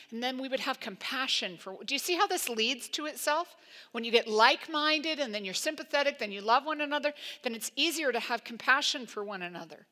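A woman pastor preaching a sermon in an emphatic, conversational way, full of "like" and quick asides. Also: on the high side, sharp tone.

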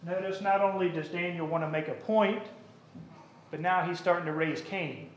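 A man preaching a sermon, telling an illustration and reciting a poem in a measured storytelling way. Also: high voice, echoey room, slight background noise.

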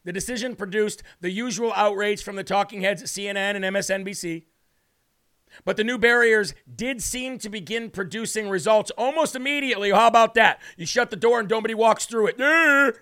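High-voiced emphatic male commentator. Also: brisk, a bit bright. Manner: emphatic, rhetorical questions, sarcastic asides. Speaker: host. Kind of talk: live political commentary.

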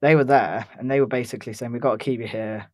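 A man's voice: medium pitch, steady tone, fast talker, dry recording. A young man from England telling a rambling holiday story in casual chat, with lots of fillers and restarts. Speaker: podcast co-host.

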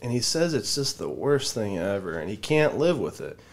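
A man's voice: on the low side, normal speed. A man telling a story in casual chat, acting out what people said, with a lot of swearing. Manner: animated, swears a lot, acts out quotes.

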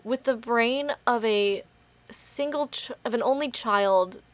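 A young woman co-hosts a casual podcast, her voice a bit high and recorded close and dry. She talks in animated bursts, swears freely and laughs often. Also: slow pace, no room sound. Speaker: podcast co-host. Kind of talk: casual chat.

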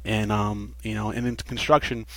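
A man in casual interview talk, telling his recovery story in an earnest, animated way and laughing now and then. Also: on the low side, moderate pace, no room sound. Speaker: podcast guest.

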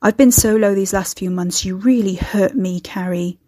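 A woman voicing a smooth-talking, manipulative ex. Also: mid-range voice, moderate pace, mellow, no room sound, clean studio sound, close to an everyday voice. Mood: self-pitying. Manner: smooth, pleading, self-pitying. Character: wheedling, arrogant manipulative ex-boyfriend.

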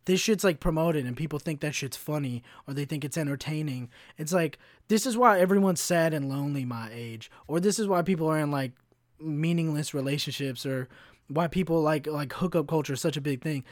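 A man's voice: on the high side, a little fast, dry recording, studio quality. A young man hosting a solo podcast, ranting in a heated, profane, casual way. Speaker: podcast host.

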